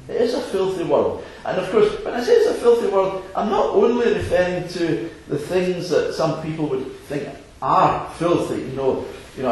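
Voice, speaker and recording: A man's voice: a little high, darkish tone. A man preaching a sermon in an assembly hall, earnest with chuckling asides. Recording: echoey hall, faint noise.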